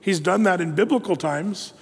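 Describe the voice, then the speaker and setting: A man with a high voice preaches a sermon as pastor. He keeps it conversational, with fillers and little asides. His voice rings out with a long hall reverb. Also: moderate pace, husky.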